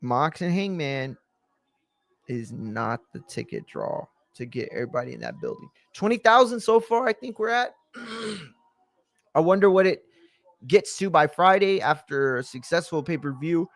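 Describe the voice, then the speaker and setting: A man's voice: on the high side, expressive, normal speed, a bit bright, dry recording. A man hosting a live watch-along stream, reacting bluntly and profanely in a casual commentary style.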